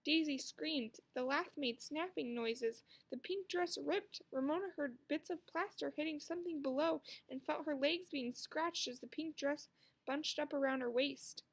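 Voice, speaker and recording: A woman reading a children's book aloud with expressive storytelling. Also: high voice, unhurried. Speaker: narrator.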